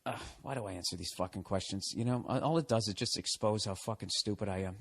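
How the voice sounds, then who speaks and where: A man's voice: on the low side, fast talker, husky. A man in his forties from the United States talks through a solo podcast episode. He reads a listener's email aloud and answers it with a profane, sarcastic rant. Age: 40s. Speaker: podcast host. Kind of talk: casual podcast monologue reading a listener email.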